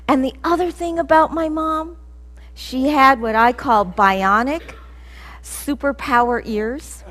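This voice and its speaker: Slow-talking woman telling stories in church. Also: high voice. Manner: animated, acts out scenes and laughs at her own story. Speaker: guest speaker at a church service. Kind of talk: personal storytelling talk. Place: church sanctuary.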